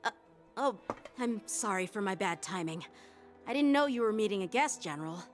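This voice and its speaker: A woman's voice: medium pitch, animated, normal speed, faint music behind, natural voice. A woman voicing a polite game aide. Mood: apologetic. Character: polite young female aide, apologetic. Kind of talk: game voice acting.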